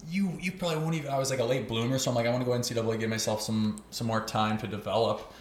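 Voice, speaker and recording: A man's voice: medium pitch, steady tone, racing, echoey room, a little hiss or hum. A man, a podcast guest, telling stories in loose, profane casual chat. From Canada (Olds, Alberta). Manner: loose and profane, swears constantly. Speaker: podcast guest, former hockey player.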